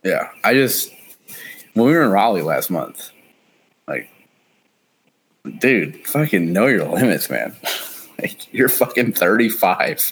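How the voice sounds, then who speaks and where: A man's voice: on the low side, sing-song, takes it slowly, pauses often, fairly bright tone, slightly rough. A man in his thirties in casual chat, rambling through stories, laughing often and swearing. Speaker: friend chatting.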